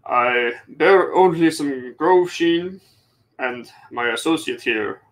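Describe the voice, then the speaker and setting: A man's voice: a little high, slow, fairly bright tone, low-quality recording. A man voicing a polite, guarded male hobgoblin traveler who speaks stiffly and formally.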